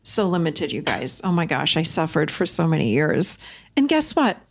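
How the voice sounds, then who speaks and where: A middle-aged woman talks on her solo podcast in a casual, expressive way. Her delivery lifts sharply when she makes a point and sinks into low, confiding asides. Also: moderate pace. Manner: animated and expressive, swings between bright emphasis and low confiding asides. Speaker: podcast host.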